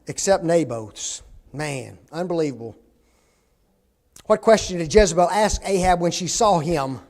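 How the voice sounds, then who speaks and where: Man, Bible class teacher, high voice, animated, jokey, quizzes the class. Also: a little slow.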